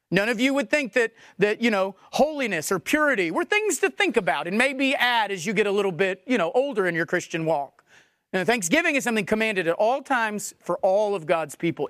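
A man preaching a sermon, animated, acting out back-and-forth dialogue. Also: high-pitched, no echo, clean studio sound.

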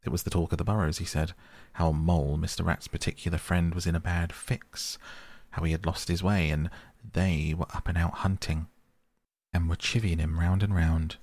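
A man voicing a cheerful, bold adult male otter telling his tale in a hearty, lively way. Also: low-pitched, normal speed, dry recording.

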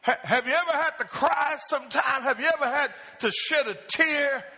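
A male pastor preaches in a church sanctuary and keeps calling on the congregation to answer him. His voice is bright and sharp. A long reverb trails behind his words in the hall. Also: extremely high pitch, normal speed. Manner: asks the congregation questions and calls for answers. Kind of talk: call-and-response sermon.

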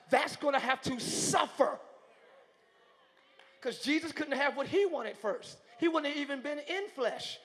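A male pastor preaching a live sermon in a large church, moving from hushed talk to shouting. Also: very high-pitched, animated, unhurried. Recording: long church hall reverb.

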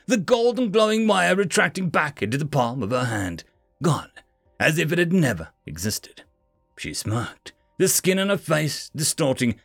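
A man's voice: a little high, vocal fry, fairly bright tone, no room sound. A man narrating a science fiction story in a dramatic, vivid storytelling manner.

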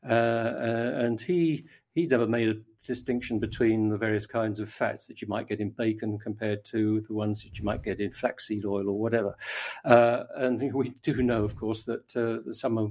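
A man's voice: on the low side, fairly even intonation, moderate pace, darkish tone. An older man, a guest in an interview, talking at length with many fillers, restarts and a lost train of thought. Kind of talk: conversational interview.

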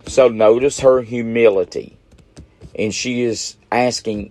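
A man's voice: mid-range voice, fairly even intonation, slow pace, darkish tone, no echo. A middle-aged man preaching a midweek sermon, emphatic and repeating phrases for stress.

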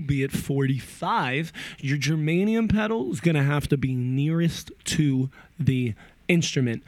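A young man rambling about guitar pedals in a casual vlog, profane and animated. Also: mid-range voice, dry recording.

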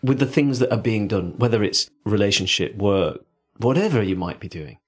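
A man with a Yorkshire accent, co-hosting a casual podcast from a studio. His voice sits low and has a husky edge, and he muses in a wry, reflective way. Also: expressive, moderate pace. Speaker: podcast co-host. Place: recording studio.

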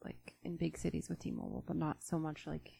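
Woman, casual chat, low-ish, gravelly fry, rambling. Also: huge pitch swings, a little fast, warm tone, no echo.

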